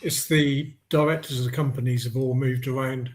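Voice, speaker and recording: An English man in casual live chat, calm and practical. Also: medium pitch, moderate pace.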